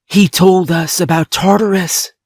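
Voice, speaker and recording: A man's voice: high voice, steady tone, a little slow, a little mellow, slightly rough, no echo, clean studio sound, pitched above the performer's own voice, exaggerated voice. A man doing a scared stammering teen boy. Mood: frightened pleading. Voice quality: stammering, pleading.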